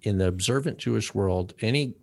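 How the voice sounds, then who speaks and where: A man's voice: lowish voice, fairly quick, creaky, a little mellow. A man co-hosting a theology podcast, explaining religious history in a casual, rambling way, often tagging on "right?". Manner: explanatory, trailing phrases with "right?". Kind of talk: casual chat about theology.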